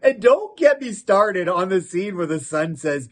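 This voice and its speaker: A man's voice: high voice, big pitch swings, unhurried, hardly any pauses, a bit bright. A man hosting a casual film review show, talking in a giggly, self-mocking way and often breaking into laughter.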